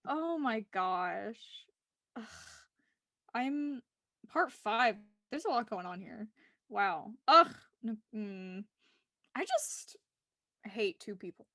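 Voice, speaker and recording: A woman co-hosting a casual online show, talking excitedly and emotionally while she reacts to pictures and sighs often. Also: medium pitch, slow, dry recording, clean studio sound. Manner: gushing, emotional, exclaims and sighs. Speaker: co-host of a TV discussion show. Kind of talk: casual chat, reacting to photos.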